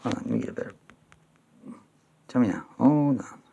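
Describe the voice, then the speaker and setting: A man from New York talking to camera in a rambling, repetitive way, now and then breaking into loud, high-pitched pleading. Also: lively intonation, fairly quick, vocal fry, slightly rough, dull audio. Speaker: video blogger.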